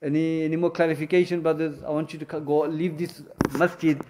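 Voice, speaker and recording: A man's voice: a little high, flat delivery, fairly quick, background noise. A man teaching a religious lesson in a mosque and answering students, explaining in short repeated phrases with many fillers. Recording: echoey room.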